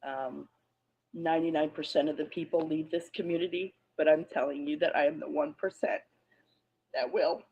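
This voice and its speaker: A woman making a hesitant, subdued personal statement to an online community, pausing often. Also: low-pitched, fairly even intonation, mellow, breathy edge. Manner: subdued, hesitant, many pauses and ums. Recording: muffled lo-fi audio, played back on a stream.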